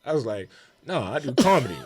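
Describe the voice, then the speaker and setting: A young man from Baltimore with a Baltimore accent, telling a profane, animated story on a casual podcast. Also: mid-range voice, fast talker, slightly rough. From Baltimore, USA. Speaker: comedian guest.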